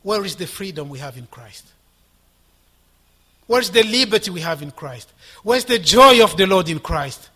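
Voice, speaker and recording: Guy preaching a sermon, high bright voice, kinda husky, goes loud then drops to a whisper. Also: expressive, normal speed, long pauses. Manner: impassioned, swinging from loud exhortation to hushed whispers.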